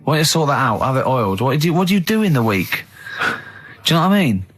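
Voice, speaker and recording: A man's voice: mid-range voice, fast. English guy on the radio, chatty storyteller, mimics people, laughs a lot. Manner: animated storyteller, mimics people in his stories, laughs often. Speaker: radio host. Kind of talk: casual radio banter and anecdotes. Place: radio studio.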